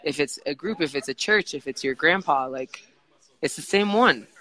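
A woman's voice: low voice, lively intonation, normal speed, a bit bright, low-quality recording. A woman who is a podcast guest, telling a personal story casually in a rambling way, with many fillers and restarts.

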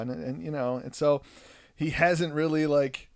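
A man's voice: a little high, measured pace, dry recording. A man in his thirties telling a casual, rambling story as a parent, joking at his own expense. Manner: rambling and self-deprecating, with frequent restarts; animated when acting out quotes. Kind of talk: casual monologue.

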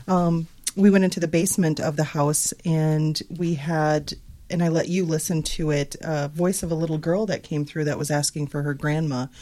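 A woman's voice: low-pitched, darkish tone. A woman co-hosting casual radio talk, recounting events in a plain, hesitant way with fillers. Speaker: paranormal investigator co-host.

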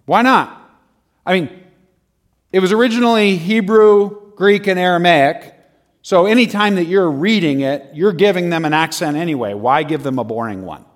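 A man preaching in an animated, conversational style, often laughing between his points. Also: high-pitched, normal speed. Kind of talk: humorous sermon.

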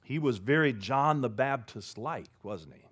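Animated preaching man, wide pitch swings. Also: unhurried, husky. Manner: dramatic preaching with sudden swings from loud to hushed. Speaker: pastor. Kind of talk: sermon.

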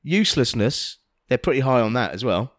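A man's voice: mid-range voice, very animated, a little fast, no echo. A man co-hosting a casual comedic chat, mocking and sweary in a dry way. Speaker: podcast co-host.

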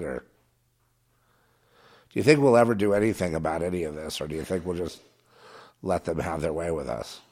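A man delivering a rambling political monologue, halting and restarting, swinging from muttering to agitated outbursts. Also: low voice. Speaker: commentator.

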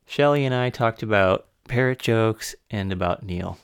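A man hosting a radio program, introducing a guest and reading passages in a measured way. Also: fairly low pitch, clear, resonant tone. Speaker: radio host. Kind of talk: radio interview and narration.

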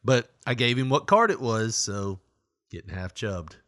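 A man's voice: mid-range voice, very animated, unhurried, a bit bright, no echo. A man hosts a casual chat, with lots of swing in his voice as he tells a story, laughing and swearing along the way. The sound is dry and close, with no room around it. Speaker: podcast host.

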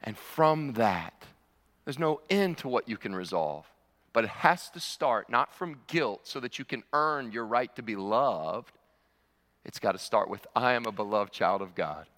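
A man's voice: mid-range voice, animated, unhurried, fairly bright tone. A man preaching a sermon as pastor, mixing teaching with storytelling and stammered restarts. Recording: long hall reverb.

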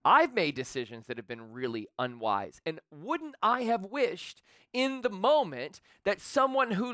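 A man's voice: very high-pitched, bright, forceful tone, dry recording, clean studio sound. A man preaching a sermon as pastor, talking conversationally with rhetorical questions. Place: church.

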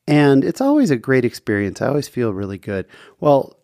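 A man's voice: medium pitch, huge pitch swings, normal speed, mellow, no room sound, studio quality. A man hosting a podcast, telling a personal faith story in an earnest, heartfelt way. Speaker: podcast host.

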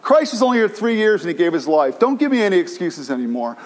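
In a San Francisco church, a male pastor preaches an impassioned, repetitive sermon, often restarting his phrases. His voice sits high and moves quickly, with big swings in pitch.

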